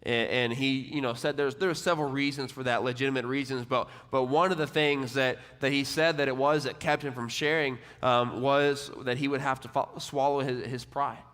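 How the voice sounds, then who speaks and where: A young man preaches to college students in a loose, conversational way, full of "like" and restarts. His voice sits in an ordinary middle pitch. The sound carries a long, lingering hall reverb. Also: steady tone, moderate pace, hardly any pauses. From Texas. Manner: casual, conversational preaching with many "like" fillers and repeated words; drops quieter and lower when voicing quoted people. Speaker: college ministry speaker. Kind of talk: sermon. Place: church or ministry hall.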